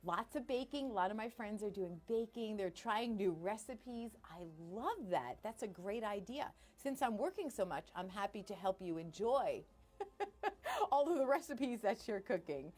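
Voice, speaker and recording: A woman's voice: medium pitch, expressive, moderate pace, darkish tone. A middle-aged woman radio host chatting casually on a live stream from her studio, bubbly and self-deprecating.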